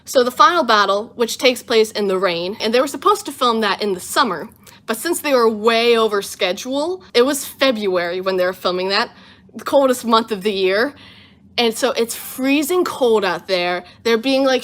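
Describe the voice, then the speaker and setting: A young woman in her twenties hosts a livestream from home and walks through a movie plot in a lively, chatty way. She is worn out from lack of sleep, and her voice sits a little on the high side. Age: 20s. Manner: animated storytelling with quick voiced asides. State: tired, short on sleep. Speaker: livestream host. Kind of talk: casual livestream movie recap.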